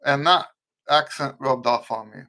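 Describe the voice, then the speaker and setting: A middle-aged trumpet teacher from the eastern United States hosts a casual live Q&A, his mixed American accent rooted in Western Pennsylvania. His medium-pitched voice is unhurried, bright and forceful, and he often restarts and rewords sentences.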